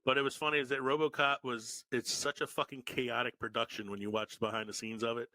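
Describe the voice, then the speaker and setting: A Philadelphia man in his forties co-hosts a podcast, swapping profane stories and laughing often in casual chat. His medium-pitched voice is flat, quick, pushed and bright, with no room sound.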